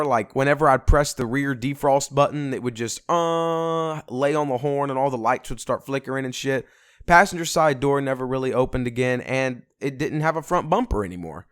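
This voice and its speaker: A young man telling a story on a casual vlog, animated and swearing a lot. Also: mid-range voice, clean tone, no echo, clean studio sound. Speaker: vlogger.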